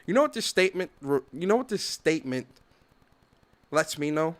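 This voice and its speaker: Animated man ranting on a podcast. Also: fairly high pitch, normal speed. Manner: animated, ranting, swears freely, acts out dialogue. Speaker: podcast host. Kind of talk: opinionated solo commentary.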